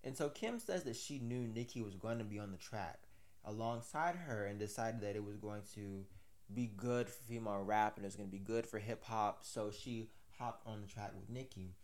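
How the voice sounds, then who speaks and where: A man's voice: fairly low pitch, normal speed. A man hosting a casual commentary, recapping a story with rambling, chatty asides. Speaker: commentary host.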